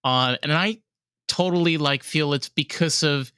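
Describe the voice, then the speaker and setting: A man's voice: fairly high pitch, unhurried, pushed and bright, smooth, no room sound, studio quality. A man hosting a podcast who chats casually and thinks aloud as he talks. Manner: reflective, thinks aloud with restarts. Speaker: podcast host. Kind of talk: casual conversation.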